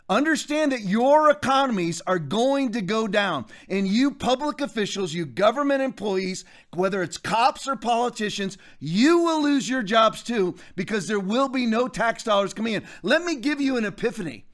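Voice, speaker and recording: A man's voice: sits high, expressive, normal speed. A man in his fifties hosting a political commentary show, ranting emphatically and addressing listeners directly. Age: 50s. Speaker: show host.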